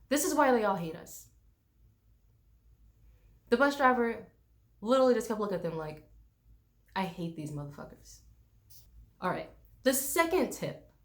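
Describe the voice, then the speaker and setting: A woman's voice: fairly high pitch, big pitch swings, a little slow, pauses often. A young woman from the United States, a travel vlogger, ranting bluntly and swearing freely, mocking people with put-on voices. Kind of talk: casual ranting vlog.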